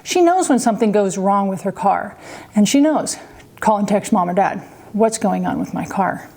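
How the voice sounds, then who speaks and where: A woman's voice: medium pitch, expressive, normal speed, gravelly, a little mellow. A middle-aged woman from Kansas telling a family story in a chatty vlog, acting out the quoted voices with little laughs. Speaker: vlogger, mother.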